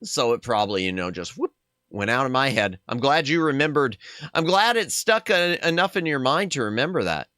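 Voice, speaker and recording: A man's voice: medium pitch, a little fast, dry recording, clean studio sound. A man streaming a retro game, chatting casually with his chat, with a sore throat. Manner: chatty, animated. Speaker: VTuber streamer. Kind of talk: casual game stream, reading dialogue aloud.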